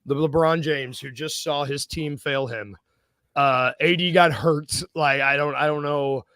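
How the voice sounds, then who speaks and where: A man's voice: fairly high pitch, unhurried, fairly bright tone, dry recording. A man hosting a casual sports podcast, rambling and joking, often correcting himself mid-sentence. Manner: rambling, self-correcting, jokey. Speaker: podcast host.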